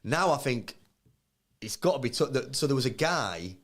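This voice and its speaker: A man's voice: medium pitch, big pitch swings, normal speed, fairly bright tone. Guy in his 30s, chatty podcast host, does little voices when he tells a story. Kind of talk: casual live podcast chat.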